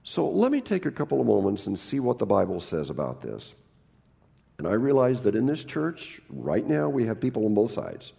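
Gravelly-voiced pastor preaching a sermon. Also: male voice, lowish voice, huge pitch swings, moderate pace, mellow, in a large hall. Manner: humorous, acts out quoted people in raised voices. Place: church.

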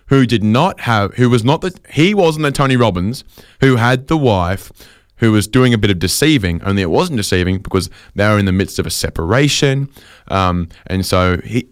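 A young man with a deep, smooth, resonant voice tells a rambling comic story. He keeps correcting himself and goes off on animated tangents. The sound is close and dry, with no room around it. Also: no room sound.

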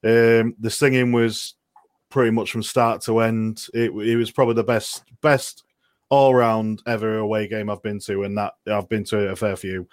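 A man's voice: on the low side, little pitch movement, normal speed, dry recording, clean studio sound. A man on a football podcast cheerfully describing the atmosphere at an away game. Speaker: podcast guest. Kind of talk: casual football chat.

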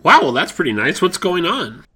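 A man's voice: fairly high pitch, sing-song, moderate pace, sharp tone, breathy edge. A man hosting a comedy podcast who trades goofy, eager in-character banter with a field reporter.

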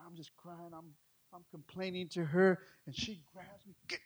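A middle-aged male pastor, telling a story in a sermon, swinging between hushed and loud. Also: sits high, level tone, normal speed, husky.

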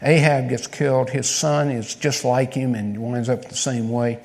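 Guy preaching, chatty and animated, asks the crowd stuff, lots of hall echo. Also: mid-range voice, a little slow. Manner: conversational, animated, asks the listeners questions. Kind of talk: sermon. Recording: long reverb of a large hall.

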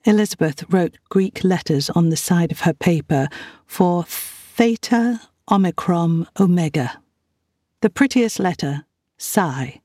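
Slow, low-voiced woman narrating. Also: no room sound, studio quality. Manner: measured, gentle reading. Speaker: audiobook narrator. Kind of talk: scripted narration.

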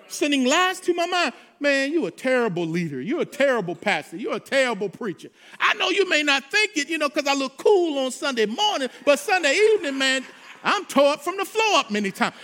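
A man preaching a sermon as a pastor, swinging between shouted declarations and hushed, confiding asides, with a repetitive preaching cadence. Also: extremely high pitch.

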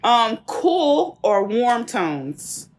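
A woman co-hosts a podcast with a slightly high, very expressive voice. She quizzes the others playfully. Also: extremely slow, a little hiss or hum. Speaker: podcast co-host. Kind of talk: casual chat.

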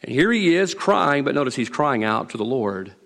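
A man's voice: medium pitch, big pitch swings, normal speed, vocal fry, fairly bright tone. A man with a Southern US accent preaching a sermon as pastor, folksy and teasing, repeating key lines for emphasis. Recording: long reverb of a hall.

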